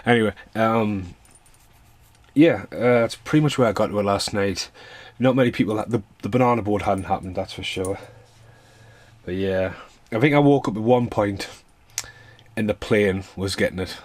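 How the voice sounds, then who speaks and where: A man's voice: lowish voice, moderate pace, a little mellow, no echo. A man giving a rambling, casual film review rant, swearing freely and laughing between points.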